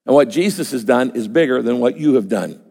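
Gravelly preacher in a big hall. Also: male voice, mid-range voice, lively intonation, fairly quick, mellow. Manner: emphatic and conversational, acts out listeners' voices. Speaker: pastor. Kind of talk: sermon. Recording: long hall reverb.

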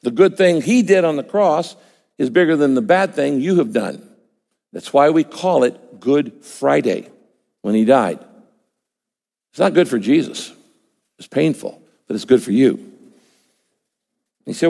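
A man's voice: mid-range voice, lively intonation, measured pace, vocal fry, pauses often, mellow. A man preaching a sermon, emphatic and conversational, often acting out his listeners' imagined words. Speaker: pastor. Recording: long hall reverb.

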